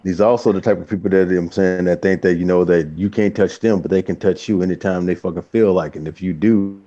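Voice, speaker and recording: A man's voice: low voice, fairly even intonation, a little fast, dark tone. A man in a casual political chat, heated, slangy and profane. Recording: dull lo-fi call audio.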